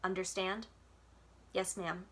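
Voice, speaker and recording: A woman reading aloud as a tough older woman witch who talks in a gruff, commanding way and barks orders. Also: lowish voice, little pitch movement, slow, pushed and bright, heavily acted. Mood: stern. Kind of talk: reading a children's novel aloud.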